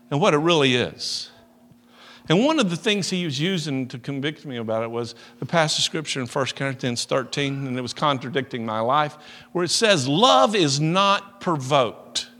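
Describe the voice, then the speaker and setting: Animated preacher, booming hall. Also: male voice. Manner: animated, folksy storyteller who acts out dialogue and laughs at himself. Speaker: pastor. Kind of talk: sermon with personal stories. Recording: long hall reverb.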